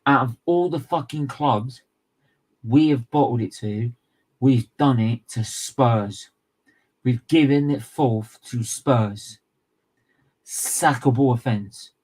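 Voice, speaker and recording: Slow, furious sweary Englishman ranting. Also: medium pitch, darkish tone, breathy edge, rough recording. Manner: furious, sweary, emphatic and repetitive. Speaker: football fan channel co-host. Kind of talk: angry match reaction rant.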